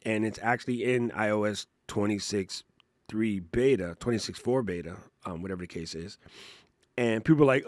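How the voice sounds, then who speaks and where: The voice belongs to a middle-aged man on the low side, speaking at a moderate pace as a podcast co-host. He keeps the tech and creator chat casual, laughing while he lays things out step by step, in studio-quality sound with no room sound.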